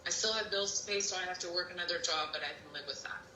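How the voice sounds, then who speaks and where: Low-voiced woman reading comments, roomy sound. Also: fast talker, sharp tone, recorded from a distance, a little hiss or hum. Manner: reads comments aloud, chatty. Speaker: co-host reading viewer comments. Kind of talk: live-stream talk.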